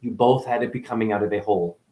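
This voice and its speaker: A man ranting on a spiritual livestream, cursing freely and jumping between loud high outbursts and low mutters. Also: fast. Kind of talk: rambling spiritual livestream rant.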